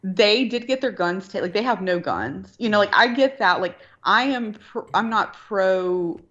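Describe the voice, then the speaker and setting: A woman's voice: medium pitch, expressive, measured pace, fairly bright tone. A woman telling a rambling, profane story in casual chat. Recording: dull lo-fi line.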